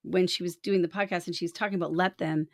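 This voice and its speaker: Candid expressive woman podcast co-host. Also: fairly low pitch, fast talker, dry recording, studio quality. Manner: expressive, acts out quoted thoughts; frank, candid speech. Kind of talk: casual conversation.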